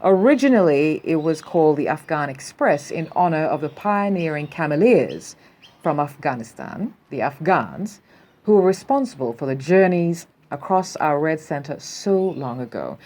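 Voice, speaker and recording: Sardonic Australian woman, low and lively. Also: normal speed. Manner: sardonic, animated, reads headlines then riffs. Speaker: news show host. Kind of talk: casual commentary on news.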